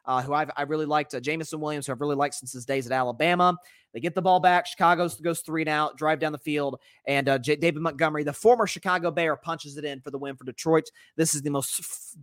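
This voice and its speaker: Excitable fast-restarting male sports host. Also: on the high side, no echo, clean studio sound. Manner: animated, rambling, frequent restarts and fillers. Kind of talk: casual solo sports commentary reading live comments.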